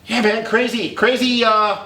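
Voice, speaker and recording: A man's voice: a little high, lively intonation, fast talker. A man co-hosting a casual motocross chat show, swearing and laughing as he rambles. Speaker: podcast co-host. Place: home studio. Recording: echoey room with faint noise.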